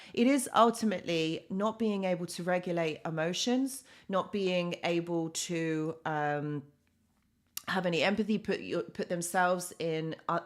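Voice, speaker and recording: A young woman, a psychologist, chatting casually on a live stream and answering viewers, with plenty of fillers and restarts. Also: fairly low pitch. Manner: chatty, many fillers and restarts, reads out comments.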